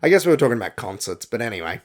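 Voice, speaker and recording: A man's voice: mid-range voice, sing-song, rapid-fire. Man in his thirties, co-host, loose and jokey, rambles. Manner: joking, rambling, self-deprecating. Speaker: podcast co-host. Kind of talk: casual chat.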